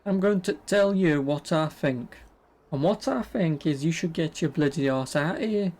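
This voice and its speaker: A man's voice: on the high side, normal speed, a little mellow. Casual sweary gaming streamer man. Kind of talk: let's play commentary.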